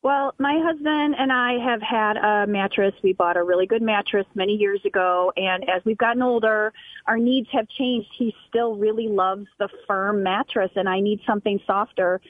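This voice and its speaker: A middle-aged woman calls in to a radio show and calmly explains things step by step. Her voice comes over a thin, tinny phone line with no room sound at all. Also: mid-range voice, moderate pace, no room sound. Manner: calm, explanatory. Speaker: caller. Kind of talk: call-in chat.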